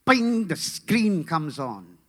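A man's voice: sits high, big pitch swings, takes it slowly, exaggerated voice. A man doing an overly polite Indian villain. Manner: chatty, warmly polite.

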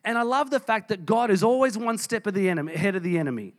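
Male pastor, high-pitched, emphatic sermon delivery. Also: expressive, quick pace. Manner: emphatic preaching, reading scripture aloud with dramatic voices.

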